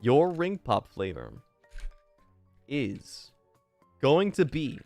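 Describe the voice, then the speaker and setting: A young man streaming and casually chatting while reading fan messages, swearing often and jumping into loud outbursts. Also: mid-range voice, extremely slow, gravelly, no room sound, faint music behind. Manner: excitable, swears a lot, swings to loud outbursts.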